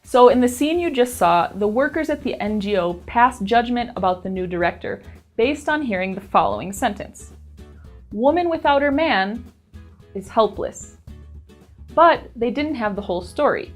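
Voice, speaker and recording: A woman narrates a language lesson in a clear, explanatory, evenly paced way. Her voice sits at an ordinary middle pitch, with soft background music under it. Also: big pitch swings, moderate pace. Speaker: teacher and narrator.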